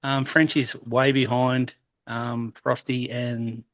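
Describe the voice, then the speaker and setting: A man hosting a casual podcast chat, relaxed and halting, chuckling often. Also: mid-range voice. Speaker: podcast host.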